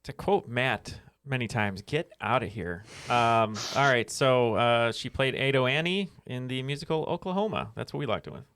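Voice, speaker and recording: A man with a New Jersey accent chats excitably as a trivia contestant, rambling a little with fillers. His voice sits at an ordinary middle pitch. He talks in casual podcast banter. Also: normal speed, few pauses, smooth. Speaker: quiz contestant.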